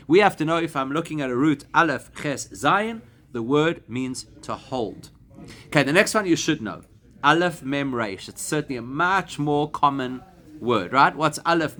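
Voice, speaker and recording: Man, rabbi, mid-pitched voice, Talmud class, patient explaining. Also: fairly bright tone. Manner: explanatory, slows to spell out Hebrew and Aramaic words. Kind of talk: classroom lesson to a live group.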